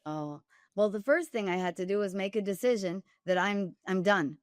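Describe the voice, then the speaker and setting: Speaking at normal speed in a mid-range voice, a dating coach and author tells stories as a guest in a candid interview. She comes across direct and emphatic with wry humor, recorded at studio quality without room sound.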